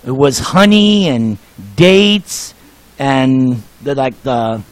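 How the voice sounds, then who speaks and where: A man's voice: mid-range voice, animated, drawn-out words, no room sound, rough recording. A man in his sixties giving a sermon, joking and telling anecdotes to the congregation. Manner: jovial, joking storyteller. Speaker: speaker at a temple program.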